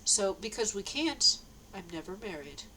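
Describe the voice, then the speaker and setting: A woman's voice: medium pitch, sing-song, normal speed, bright, forceful tone, a little hiss or hum, low-quality recording. A woman talking straight to the camera in a casual, rambling monologue, repeating herself and laughing between lines. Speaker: vlogger.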